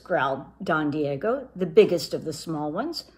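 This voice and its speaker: A woman reading a children's picture book aloud as storyteller, expressive and animated. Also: deep voice, a little slow, hardly any pauses.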